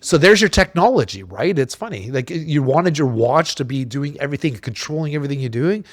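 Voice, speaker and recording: A man hosting a casual podcast chat, telling stories in an animated, emphatic way with many restarts. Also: on the high side, a little fast, no room sound. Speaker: podcast host.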